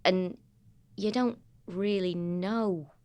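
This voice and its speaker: A comedian woman with a Manchester accent, co-hosting a podcast and telling lively, sweary stories in casual chat. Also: fairly low pitch, very slow, clean tone. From North of England. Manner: sweary, animated storytelling.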